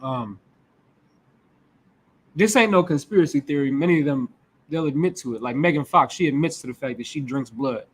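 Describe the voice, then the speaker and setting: This preacher from the United States, speaking with a Midwestern accent in a slightly high, slightly rough voice, delivers his sermon as a conversational teaching at normal speed with lively intonation and long pauses. Loose and informal, he trades remarks with the congregation and frequently restarts his thoughts mid-sentence.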